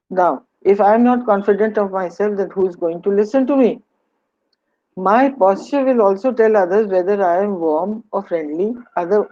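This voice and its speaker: Over a muffled recording, a medium-pitched woman with an Indian English accent teaches communication skills in a webinar. Her lecture is instructive, sprinkled with rhetorical questions and moments in Hindi.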